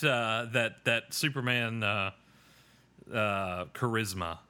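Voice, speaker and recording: A man hosting a podcast and walking through an episode recap in a loose, rambling way. He pokes fun at himself as he goes. His voice has a bright, forward edge. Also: mid-range voice, normal speed. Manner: rambling, self-deprecating, with many fillers and restarts. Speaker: podcast host. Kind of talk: casual episode recap chat.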